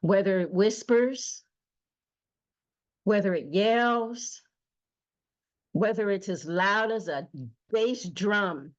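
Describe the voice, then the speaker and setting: A woman hosting her own show, telling a personal story slowly and emotionally with emphatic repetition. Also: medium pitch, dull audio. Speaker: host. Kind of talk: personal testimony monologue.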